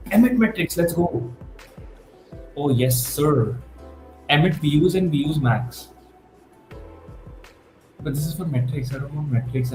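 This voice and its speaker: Excitable young man coding live. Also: mid-range voice. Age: 20s. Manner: excitable, thinks aloud, mixes in Hindi words. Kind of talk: live coding stream chat. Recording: roomy with faint music behind.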